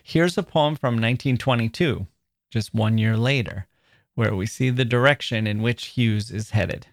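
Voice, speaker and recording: A man hosting a literary podcast, thoughtful and expressive as he reads and explains. His voice sits in a middle pitch. The sound is dry and close, with no room around it. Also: normal speed, no room sound. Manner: thoughtful and expressive, reading aloud with feeling. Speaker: podcast host.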